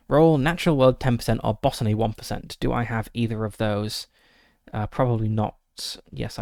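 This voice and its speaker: A man's voice: lowish voice, gravelly, darkish tone, no room sound, clean studio sound. A man streaming a solo tabletop game, reading the gamebook aloud with frequent fillers and short asides.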